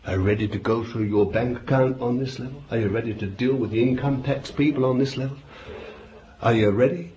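A man preaching a fervent sermon, swinging from loud exclaiming to hushed whispers. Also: mid-range voice. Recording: dull lo-fi recording with faint hiss.

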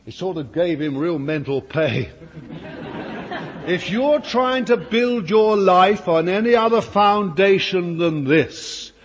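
A man preaching a fervent sermon to a congregation, with emphatic asides to his listeners. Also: high-pitched. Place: church hall before a congregation. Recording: dull, lo-fi recording with long hall reverb.

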